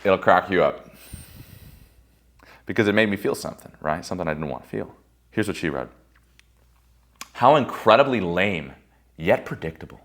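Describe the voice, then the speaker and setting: A man with a very low voice tells candid personal stories about himself. He is blunt and swears freely. He swings from loud outbursts to quiet, reflective asides. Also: fairly quick, pauses often. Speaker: speaker giving a personal-growth monologue. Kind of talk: candid storytelling monologue.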